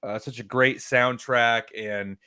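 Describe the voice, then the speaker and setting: A man's voice: mid-range voice, steady tone, slow pace, bright, forceful tone, clear, resonant tone, dry recording. A laid-back man co-hosting a casual movie livestream, thinking aloud with easy swearing and plenty of fillers. His voice sounds dry and close, with no room around it. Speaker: podcast co-host.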